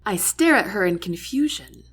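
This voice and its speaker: A woman's voice: moderate pace, husky. A woman narrating a first-person novel aloud, giving each character a voice of their own. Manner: lively, shifts pitch and loudness for each character. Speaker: audiobook reader.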